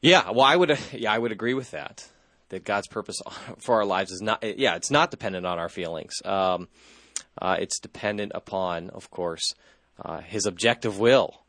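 Tired, halting man with a low voice. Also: fairly bright tone, dry recording. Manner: halting, many fillers and restarts. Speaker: guest answering a religious question. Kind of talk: casual spoken answer.

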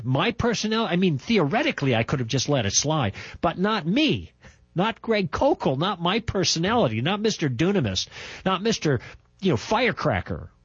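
An older man telling a personal testimony in an emphatic, animated storytelling manner, with a husky voice. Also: a little high, no room sound, dull audio. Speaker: testimony speaker.

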